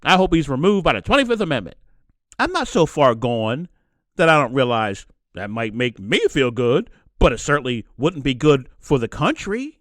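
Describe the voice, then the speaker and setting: A man rants through a solo podcast episode, circling back on his own phrases to drive each point home. His voice sits high and swoops up and down. The sound is close and dry, with no room around it. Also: a bit bright, dry recording. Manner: impassioned, preachy, repeats phrases for emphasis. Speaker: podcast host. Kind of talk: solo opinion monologue.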